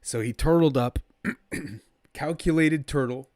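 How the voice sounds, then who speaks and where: Excitable man doing live fight commentary. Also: a little high, unhurried, no echo, clean studio sound. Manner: excitable, rambling, fan-like, chats with viewers. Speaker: live play-by-play streamer.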